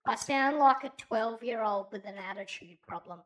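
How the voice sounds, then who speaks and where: A man's voice: high voice, normal speed, fairly bright tone. A man co-hosting a podcast, speaking through a voice-changer filter that makes him sound like a bratty twelve-year-old girl, sarcastic and crude. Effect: female voice-changer filter. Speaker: podcast co-host.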